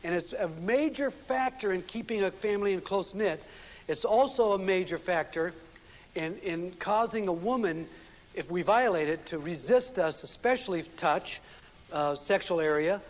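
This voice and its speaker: A man with a high, light voice delivers a relationship seminar to a live audience. He tells folksy stories, restarting his sentences often, and his words trail into a long hall reverb. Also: normal speed. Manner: folksy storytelling with frequent restarts and fillers. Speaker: seminar speaker. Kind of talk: relationship seminar lecture with anecdotes.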